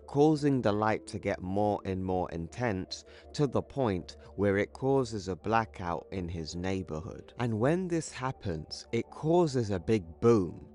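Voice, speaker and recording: A man talks through a comic book story in a casual, conversational recap. His voice is on the low side, with a very slow, unhurried pace and faint music behind him. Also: darkish tone.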